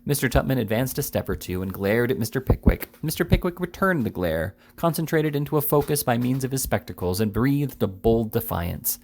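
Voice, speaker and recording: A man reading a classic novel aloud in an unhurried way, now and then correcting a slip. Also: mid-range voice, expressive, creaky, a little mellow, a little hiss or hum. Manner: unhurried, with small slips and self-corrections. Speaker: audiobook reader.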